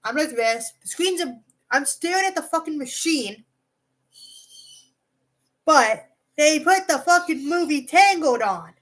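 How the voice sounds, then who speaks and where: A vlogger with a high-sitting voice talks unhurriedly and pauses often on a rough recording. Her storytime to camera is animated and full of swearing, "like," and tangents.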